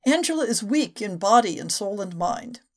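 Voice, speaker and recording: A woman's voice: mid-range voice, very animated, normal speed, darkish tone. A woman reading the lines of a brusque, impatient middle-aged male doctor in a novel excerpt. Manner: blunt, impatient, reassuring.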